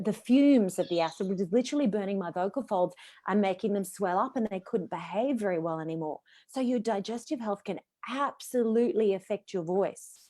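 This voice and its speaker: A middle-aged Australian woman, a voice coach, speaking expressively as a guest on a live video call. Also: mid-range voice. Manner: expressive, demonstrates voices while teaching.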